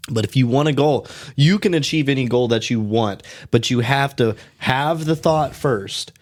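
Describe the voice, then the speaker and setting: A man's voice: mid-range voice, moderate pace. A man in his twenties hosting a casual podcast, telling stories with lots of swearing and "bro" and "dude". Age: 20s. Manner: animated storytelling, heavy swearing, frequent "bro" and "dude". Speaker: podcast host.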